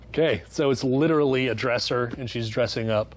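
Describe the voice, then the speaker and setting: A man's voice: medium pitch, fairly even intonation. Sarcastic, cussing male book reviewer. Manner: sarcastic, profane and joking, with quick mock-voiced asides. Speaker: book reviewer, channel host. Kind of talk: casual spoken book review.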